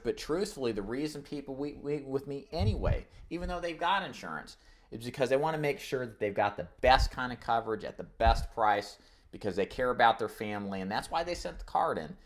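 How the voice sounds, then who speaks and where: A man's voice: mid-range voice, a bit bright. A man teaching insurance agents in a live online training, coaching with energy and acting out phone scripts. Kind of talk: live webinar sales training.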